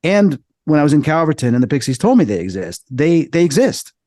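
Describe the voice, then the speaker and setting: A man appearing as a podcast guest, telling a story in an excitable, animated way. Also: fairly quick, dry recording, studio quality. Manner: excitable, acts out quoted voices with big jumps in pitch.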